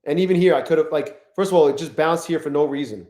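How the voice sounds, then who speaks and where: A man streaming live, talking casually and excitably to his chat, swearing often and greeting viewers by name. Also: a little high, fast talker, echoey room.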